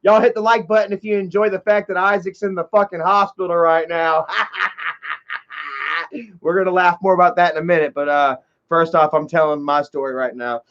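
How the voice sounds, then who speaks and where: A man's voice: sits high, fairly even intonation, a little fast, fairly bright tone. Rambling, profane man on a livestream. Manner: profane, heavy on fillers like "you know"; greets live chat viewers mid-story. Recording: dull lo-fi livestream audio.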